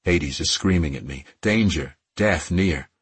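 A man doing a tender immortal lover, speaking softly and gently in a very low, husky voice. The sound is dry and close. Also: unhurried, dry recording, full character voice.

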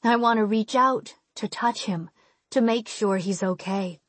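Lady reading a novel in first person, slow and careful, dry close mic sound. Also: medium pitch, no echo. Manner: measured, with emotional dialogue delivery. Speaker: audiobook narrator. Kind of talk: first-person audiobook narration.

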